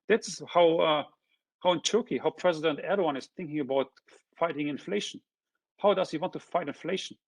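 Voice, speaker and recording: Husky-voiced man lecturing on graphs. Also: fairly high pitch, no echo. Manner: checks in with frequent tag questions; points through a figure step by step. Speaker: economist presenting a seminar. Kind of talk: academic lecture explaining graphs.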